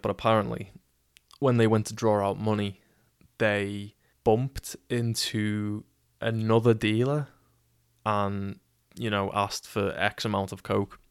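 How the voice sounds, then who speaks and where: Wry, foul-mouthed Scouse storyteller. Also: male voice, on the low side, level tone, a little slow, clear, resonant tone, no echo, studio quality. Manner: swearing, wry, rambling anecdote. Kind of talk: casual storytelling.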